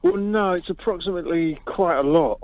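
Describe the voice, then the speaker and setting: A man's voice: high-pitched, fairly quick. A man calling a radio phone-in, talking in a hesitant, rambling way. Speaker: caller. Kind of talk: phone-in call. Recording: phone line.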